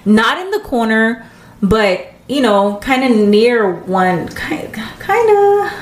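A woman's voice: slow, roomy sound, slight background noise. A woman casually telling a story on a podcast, acting out the people in it with a raised voice. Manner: animated storyteller, acts out quotes in higher voice. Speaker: podcast co-host.

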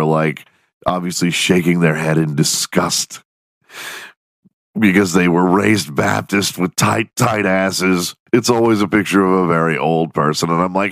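A man's voice: deep voice, sing-song, moderate pace, dry recording, studio quality. A man hosting a show, riffing in a casual comedic monologue, swearing freely and laughing often. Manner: profane, joking, laughs often. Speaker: podcast host.

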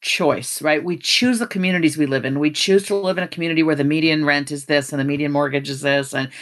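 A middle-aged woman with a low voice, a guest giving earnest, measured advice in conversation and slowing down to stress her points. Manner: earnest, measured, slows down for emphasis.

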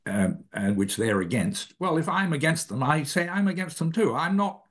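A man being interviewed as an author, explaining ideas thoughtfully, pausing and correcting himself often. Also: on the high side, expressive. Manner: thoughtful, halting, self-correcting. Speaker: author guest. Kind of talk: academic interview answer.

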